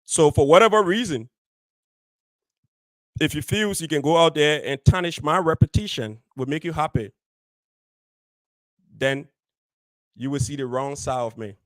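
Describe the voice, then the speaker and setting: A man's voice: a little high, measured pace, long pauses, no room sound. A man hosting a community show, speaking straight to his audience with firm emphasis and repeating key phrases. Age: adult, married. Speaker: radio show host. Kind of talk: direct address on a community show.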